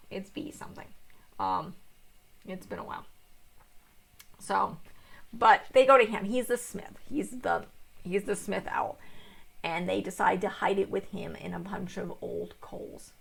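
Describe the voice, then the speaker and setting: Tired young woman rambling thru a book review, lots of ums, really gravelly and husky. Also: mid-range voice. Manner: rambling, full of fillers and restarts. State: tired, yawning.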